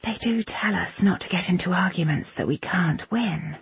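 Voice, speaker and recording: A woman voicing a weary, wary young woman librarian-spy who speaks in hushed, anxious tones. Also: lowish voice, normal speed, vocal fry, husky, dry recording, pitched above the performer's own voice, exaggerated voice.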